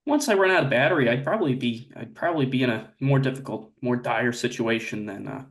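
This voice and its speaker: A young man asking absurd questions as interviewer in a mock interview, earnest and measured. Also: medium pitch.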